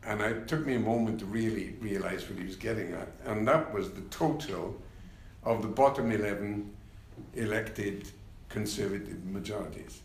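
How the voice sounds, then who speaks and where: An older man, a former party leader, telling anecdotes in an unhurried interview, with many fillers and wry laughs. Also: on the low side, roomy sound, a little hiss or hum. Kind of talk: reflective interview conversation.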